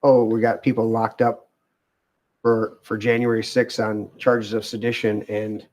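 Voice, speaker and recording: A man's voice: fairly low pitch, level tone, measured pace, a little mellow, lo-fi sound. A man hosting a casual talk show with co-hosts, reading aloud from a web page with many fillers and restarts. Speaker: podcast host.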